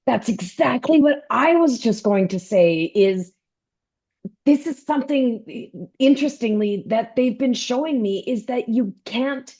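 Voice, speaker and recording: A woman's voice: fairly high pitch, lively intonation, measured pace, a little mellow. A woman co-hosting a podcast who jumps in eagerly to agree in casual chat. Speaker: podcast co-host.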